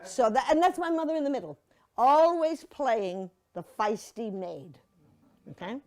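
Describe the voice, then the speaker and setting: A woman's voice: a little high, animated, measured pace, darkish tone. An older woman telling stories to a church audience in a chatty, playful way, slipping into mocking put-on voices. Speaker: speaker giving a memorial slideshow reflection. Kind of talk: casual storytelling to an audience.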